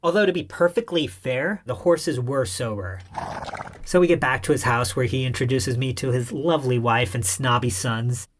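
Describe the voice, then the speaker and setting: An irreverent male narrator tells a scripted comic story in the first person. His delivery is wry and cheeky, and his voice sits at a mid pitch. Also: normal speed.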